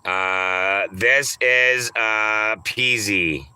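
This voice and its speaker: A man streaming and reading chat in a casual way, teasing viewers, crude and offhand, repeating names in drawn-out pleading calls. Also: on the low side, bright, forceful tone, clear, resonant tone.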